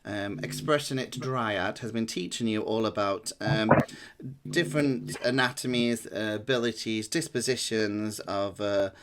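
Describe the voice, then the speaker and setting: A man's voice: on the low side, unhurried, slight background noise. Rambling male game master. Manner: relaxed, rambling explanations with many ums. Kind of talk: running a tabletop game over a call.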